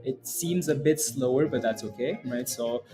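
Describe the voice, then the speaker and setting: A man's voice: medium pitch, moderate pace, mellow, faint music behind. A man hosting a live day-trading stream, chatting and joking over stock charts and tagging "right?" onto many lines. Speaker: day trading livestream host.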